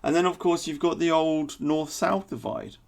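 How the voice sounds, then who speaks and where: Gravelly blunt man. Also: fairly high pitch, normal speed. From England. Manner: blunt, opinionated, sarcastic asides. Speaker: political commentator. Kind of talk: political commentary monologue.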